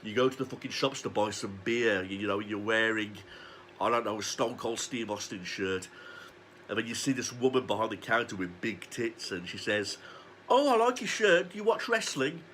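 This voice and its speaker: A man's voice: lowish voice, fairly even intonation, moderate pace, fairly bright tone, slight background noise. A man, ranting sarcastically and swearing as he reviews a wrestling show. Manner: foul-mouthed, sarcastic ranting.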